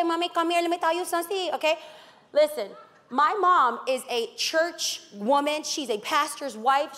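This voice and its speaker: A woman's voice: high-pitched, fairly bright tone. A woman pastor preaching a sermon with energy, playful asides and acted-out quoted voices.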